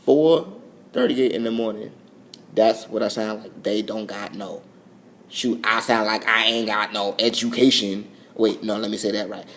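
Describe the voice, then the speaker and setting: A man's voice: lowish voice, fairly even intonation, moderate pace, fairly bright tone, slight background noise. A young man, rambling goofily in an overtired late-night vlog, his voice swooping up and down. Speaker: vlogger. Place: at home, filming on a phone.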